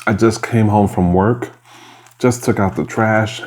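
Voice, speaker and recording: A man's voice: low-pitched, steady tone, moderate pace, a little mellow, slight background noise. A man vlogging at home as he eats, talking casually in a rambling, mildly aggrieved way between bites. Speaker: mukbang vlogger. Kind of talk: casual eating vlog.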